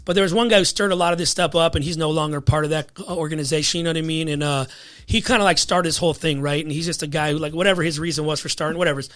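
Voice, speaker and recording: Fast-talking man telling a story. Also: on the high side, steady tone, fairly bright tone. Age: adult with a wife and child. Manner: loose and conversational, full of "like" and "you know what I mean". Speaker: podcast guest. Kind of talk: casual storytelling.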